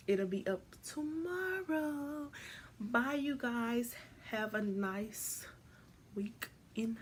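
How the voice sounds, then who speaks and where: A woman's voice: slow pace, a little hiss or hum. A teenage girl vlogger telling a casual storytime, rambling with many restarts and jumping into voices for quotes. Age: teens. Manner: animated, jumps into high voices to act out quotes.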